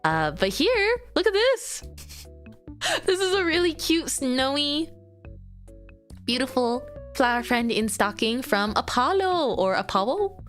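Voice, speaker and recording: A bubbly woman chats casually to her stream, giggling and rambling as she goes. Her voice sits fairly high and swings widely with every thought. Soft music plays faintly underneath. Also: very animated, takes it slowly. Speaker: VTuber streamer. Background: faint background music.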